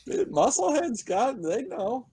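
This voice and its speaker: Animated, slangy man on a podcast. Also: extremely high pitch, slow, very noisy. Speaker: podcast co-host. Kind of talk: casual chat.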